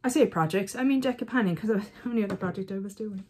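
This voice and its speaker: A woman's voice: mid-range voice, fast talker, darkish tone, breathy edge. A woman chatting casually as a beauty vlogger reviewing eyeshadows, teasing herself and talking to herself as she goes.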